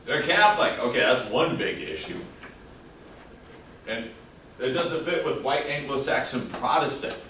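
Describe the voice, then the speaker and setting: A man's voice: medium pitch, animated, a little slow, long pauses, sharp tone, recorded from a distance, slight background noise. Joking male lecturer in an echoey room. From El Paso, Texas. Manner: casual, joking, quizzes the class. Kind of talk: classroom lecture. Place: classroom. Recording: echoey classroom taped from afar.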